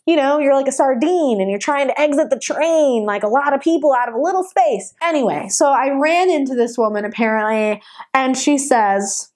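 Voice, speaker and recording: A woman talks straight to camera. She tells a story in a lively, exasperated way in a casual vlog. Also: high voice, normal speed. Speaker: vlogger.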